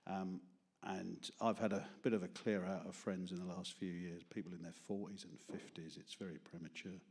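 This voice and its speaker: Man, London accent, slightly low voice, rambling stand-up, chuckles at own jokes, small studio crowd. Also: fairly even intonation, normal speed, vocal fry, darkish tone, breathy edge. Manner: self-deprecating, rambling, laughs at own jokes. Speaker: open mic performer. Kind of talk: stand-up comedy and poetry reading. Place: small studio with live audience.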